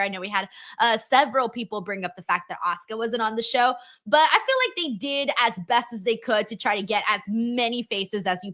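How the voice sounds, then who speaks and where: A woman's voice: a little high, a bit bright. A woman hosting a casual wrestling watchalong stream, teasing her co-host, laughing often and reading viewer comments aloud.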